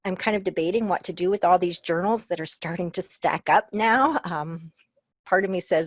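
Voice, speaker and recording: A middle-aged woman with a lowish voice leads a casual webinar for librarians over a video call, speaking from personal experience with frequent "um" and light humor. The sound is dry and close, with no room echo. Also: a little fast. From Iowa.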